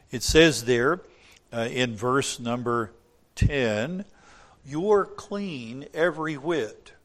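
An older man preaching a sermon in an earnest way, going from quiet, tender lines to loud, emphatic ones. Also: mid-range voice. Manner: earnest, swings from soft to emphatic when quoting scripture.

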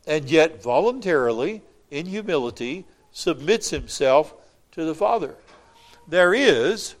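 A man preaching a sermon, reading scripture aloud and explaining it with wry asides to the congregation. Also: fairly high pitch.

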